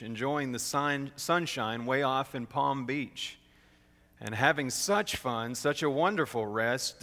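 Gravelly bright-voiced man reading a storybook. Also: medium pitch. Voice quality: rhythmic, expressive. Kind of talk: storybook read-aloud. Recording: long hall reverb.

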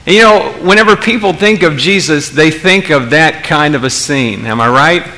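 Bright-voiced conversational preacher. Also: male voice, fairly high pitch, moderate pace. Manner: conversational, many restarts, asks the audience questions. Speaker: pastor. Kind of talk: sermon.

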